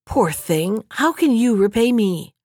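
A woman voicing a kind young prince who speaks softly and with pity. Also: a little high, lively intonation, unhurried, no echo, clean studio sound. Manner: soft and pitying.

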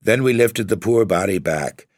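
A man with a very deep, low voice reading a gothic horror story. His delivery is measured and grave, with a dramatic weight on each phrase, and the sound is dry and close. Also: expressive, no echo. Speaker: narrator.

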